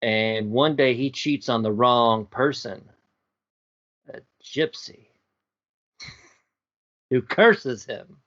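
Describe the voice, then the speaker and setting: Slow, halting man telling a story. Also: medium pitch, a bit bright. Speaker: podcast co-host. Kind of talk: casual playful chat. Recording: dull lo-fi audio.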